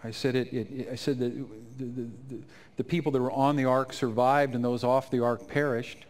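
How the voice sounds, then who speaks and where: A man telling an emotional personal testimony in a sermon at a conference, his voice climbing high and loud at the peaks. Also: level tone, normal speed. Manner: emotional storytelling, rising to near-shouts at climaxes. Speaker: conference speaker. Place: conference stage.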